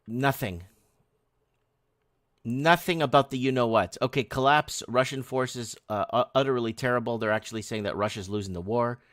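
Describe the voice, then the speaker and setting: A man hosts a casual live stream with a mid-pitched voice. The sound is dry, with no room echo. His talk rambles and has a sarcastic, conspiratorial edge, with restarts as he reads headlines and chat messages aloud. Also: steady tone, a little fast, hardly any pauses, a bit bright.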